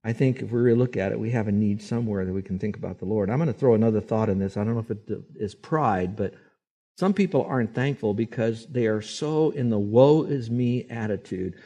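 A man preaching a sermon as a pastor, emphatic and quick to act out the people he quotes. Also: on the low side, warm tone. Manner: emphatic, acts out quoted voices.

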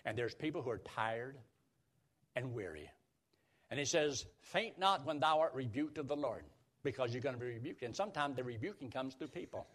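An older man preaching a radio sermon, lively and emphatic, slowing down to quote scripture. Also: mid-range voice.

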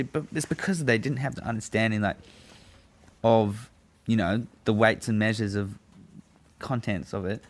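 A man's voice: on the low side, normal speed. A man telling a prison story in casual chat, profane and laughing often. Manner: profane, laughs often, animated when recounting.

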